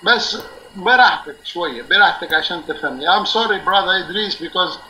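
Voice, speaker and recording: A man's voice: high voice, expressive, racing, sharp tone, a little hiss or hum, poor audio. A man hosting a live religious talk show, explaining earnestly and insistently, often checking in with "okay?". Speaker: live-stream show host. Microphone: live stream or call-in line.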